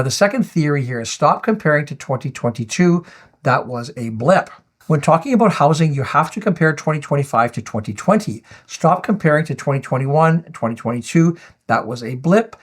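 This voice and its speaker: A man's voice: a little high, lively intonation, fairly quick. A man hosting a finance video, answering viewer comments in a firm, explanatory way. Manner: firm, rebuttal-style, reading out viewer comments.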